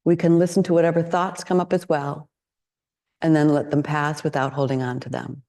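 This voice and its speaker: A woman teaching meditation in a dharma talk, her voice low-pitched and warm. She speaks in a reflective, candid way and often poses questions to her listeners. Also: level tone, moderate pace.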